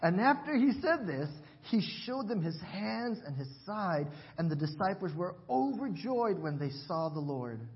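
A man's voice: sits high, big pitch swings, measured pace, few pauses, highs cut off. A man pastor preaching a sermon in church, leading the congregation to repeat words after him. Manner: warm teaching, invites congregation to repeat words. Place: church sanctuary.

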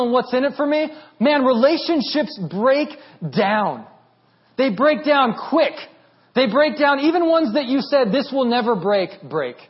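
A man in his thirties preaches with a high, lively voice that climbs toward near shouting when he drives a point home. The recording has a dull, lo-fi sound. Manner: animated, rising to near shouting at peaks. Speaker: pastor. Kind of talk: sermon.

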